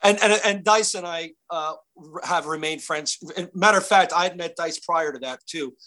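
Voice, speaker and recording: Male actor guest, slightly high voice, bright tone, lively anecdotes full of restarts. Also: normal speed. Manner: animated, many restarts and fillers. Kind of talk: casual interview storytelling.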